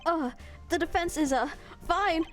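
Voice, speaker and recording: A woman voicing a nervous young male rookie lawyer in a high, soft, stammering voice. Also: a little slow, faint music behind. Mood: flustered.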